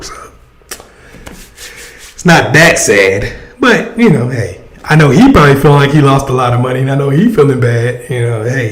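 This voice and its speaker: A man hosting a casual livestream, giving advice and talking straight to his chat. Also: medium pitch. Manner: conversational, addresses chat directly. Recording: echoey room sound.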